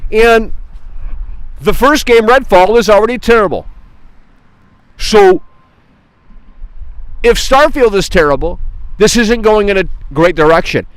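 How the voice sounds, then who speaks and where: Brief: high-pitched, profane male streamer, mocking rant at chat, dry close sound. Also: very animated, unhurried, long pauses, smooth, dry recording, low-quality recording. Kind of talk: livestream gaming rant.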